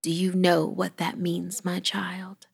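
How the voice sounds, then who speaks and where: A woman voicing a stern but loving old grandmother who speaks slowly and in a half whisper. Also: fairly low pitch, monotone, creaky, slightly rough, heavily acted. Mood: solemn. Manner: hushed, half-whispered, slow and solemn. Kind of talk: horror story reading.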